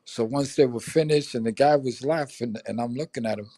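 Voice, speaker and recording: A man's voice: medium pitch, animated, moderate pace, pauses often, no room sound. An older man swapping crude, laughing army stories in casual chat, acting out the voices of people in them. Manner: profane, laughing, acts out voices in anecdotes. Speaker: veteran telling stories on a live stream. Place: home.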